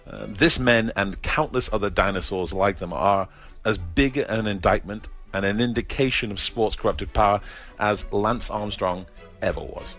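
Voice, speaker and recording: A man with a fairly low voice, arguing an opinion segment earnestly and forcefully. Faint music sits quietly behind him. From Britain. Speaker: commentator. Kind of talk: opinion monologue.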